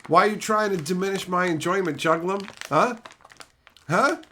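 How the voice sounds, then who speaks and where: Middle-aged man, streamer answering chat, sarcastic rants, loud mocking bursts, bright tense voice. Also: high voice, normal speed, a little hiss or hum. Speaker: streamer reading live chat. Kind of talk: casual profane live-stream rant.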